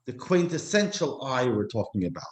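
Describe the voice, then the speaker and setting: Brief: a reflective male teacher giving a class, slightly high voice, roomy echo. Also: animated. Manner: reflective, slows to stress key words. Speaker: Jewish teacher. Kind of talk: explanatory class talk.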